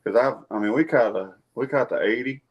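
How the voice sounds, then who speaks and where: A man's voice: medium pitch, a little fast, lo-fi sound. A man telling a fishing story in a casual chat, plain and folksy in manner. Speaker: guest.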